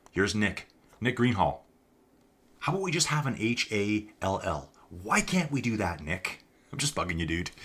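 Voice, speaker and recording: A man's voice: on the low side, a bit bright. A man giving live, chatty commentary on a virtual cycling race, talking to his viewers as folks and reading out the chat.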